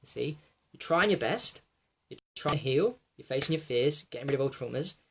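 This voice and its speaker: A young man in a raw personal monologue, reflective and halting, with many fillers and restarts, sometimes close to tears. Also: mid-range voice, lively intonation, background noise. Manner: emotional, close to tears at times. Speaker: wellness vlogger.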